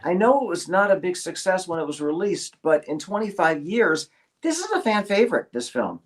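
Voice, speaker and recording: A man, a voice actor, telling a lively anecdote on a video call, with many stammering restarts and acted-out quotes. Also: high voice, moderate pace. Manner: animated storyteller, stammering restarts, acts out quotes. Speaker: voice actor guest.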